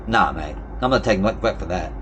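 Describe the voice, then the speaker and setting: A man talking quickly in a loose, rambling vlog rant. He sounds fed up and swears freely, with a faint hum of ambient background behind him. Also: deep voice, lively intonation, a bit bright, lo-fi sound. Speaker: vlogger. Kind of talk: casual venting monologue.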